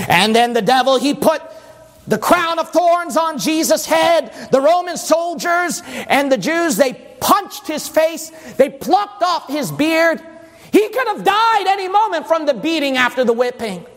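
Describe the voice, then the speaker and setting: High-voiced preacher shouting in a reverberant hall. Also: male voice, expressive, measured pace. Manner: dramatic storytelling, rising into shouting. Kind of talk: impassioned sermon.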